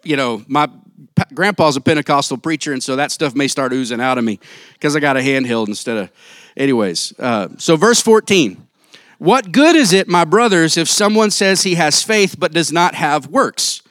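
A man preaching a sermon in church on a handheld mic, casual and jokey, acting out quick quotes. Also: on the high side, expressive, fairly bright tone, no echo. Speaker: pastor.

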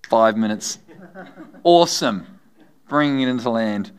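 Lively man preaching a sermon. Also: mid-range voice, unhurried, smooth. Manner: animated, humorous storytelling with frequent laughs. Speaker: pastor.

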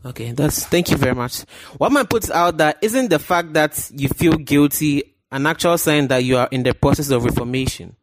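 A man politely putting measured questions to a guest as interviewer. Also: fairly high pitch, a little hiss or hum.

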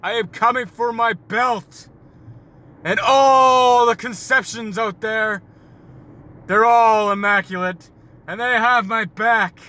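A man's voice: high-pitched, fairly even intonation, slow pace, sharp tone, voice pushed up, heavily acted. A man voicing a boastful 1980s pro wrestler cutting a promo, with grandiose, bellowing trash talk, recorded while driving a car. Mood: blustering. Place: inside a moving car. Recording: car road noise behind.

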